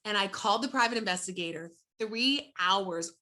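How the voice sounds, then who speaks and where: Bright-voiced woman telling her story. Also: mid-range voice, normal speed. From United States. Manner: animated, heartfelt, with frequent restarts. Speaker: interview guest. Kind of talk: personal storytelling in conversation.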